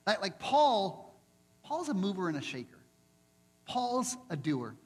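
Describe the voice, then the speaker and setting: Male pastor, sermon delivery, animated and expressive, husky tone, long hall reverb. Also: a little high, moderate pace, pauses often. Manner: animated, acts out voices of people in the story. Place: church hall.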